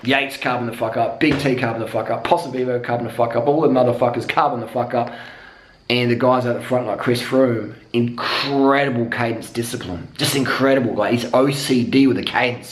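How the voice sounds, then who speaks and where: A man's voice: medium pitch, fairly quick. A man rants about pro cycling in a casual vlog. He talks bluntly and swears all the time. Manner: profane, blunt, excitable. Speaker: cycling vlogger. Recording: echoey room.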